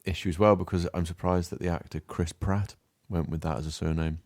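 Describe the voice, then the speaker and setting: A man with a low, deep voice chats loosely on a comedy podcast. He swears casually and jokes around, and he often trails off mid-thought. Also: steady tone, fairly quick, a little mellow, no room sound, studio quality. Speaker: co-host.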